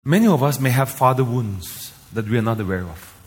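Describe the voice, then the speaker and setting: A man's voice: mid-range voice, animated, fairly quick, breathy edge. A man from Northeast India preaching a sermon as a pastor, emphatic, repeating key lines with rising force. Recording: long hall reverb.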